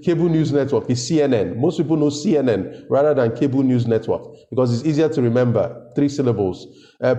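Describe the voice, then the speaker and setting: A man hosts a solo business podcast, talking off the cuff and stumbling over repeated words as he gathers his thoughts. His voice is mellow and dark, set in a roomy echo, at a middling pitch. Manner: unscripted, repeats words while thinking. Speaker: podcast host.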